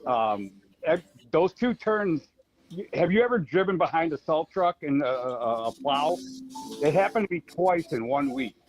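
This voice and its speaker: A man's voice: fairly high pitch, animated, measured pace, faint music behind, low-quality recording. A man co-hosting a casual remote podcast, telling long rambling stories full of fillers. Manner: rambling storyteller, many fillers and restarts. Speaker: podcast co-host. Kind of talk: casual podcast chat over remote call.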